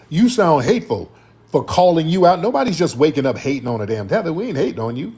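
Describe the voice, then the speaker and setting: A man's voice: a little high, a little mellow, breathy edge. A man hosting a live-stream commentary show and taking callers, talking in an emphatic, repetitive, slang-heavy way.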